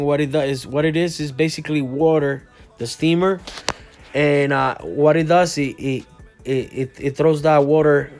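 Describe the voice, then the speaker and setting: A man's voice: a little high, a little mellow. A tired man whose first language is Spanish, a barber who rambles and repeats himself while he explains a cut as he works. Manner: rambling, repeats words and says "you know what I mean". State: tired, yawning. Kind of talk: casual tutorial narration while working. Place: barbershop lounge.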